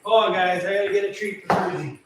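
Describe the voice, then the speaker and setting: A man's voice: sits high, steady tone, fast, a little hiss or hum. A man hosting a casual live-stream Q&A from inside his van, chatty and joking about himself.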